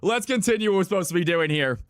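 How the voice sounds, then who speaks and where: A man from California hosts a live stream, talking fast and excitedly to his viewers and repeating himself as he sets up games. His voice sits on the high side for a man. The sound is dry and close, with no room around it. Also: no room sound. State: out of breath.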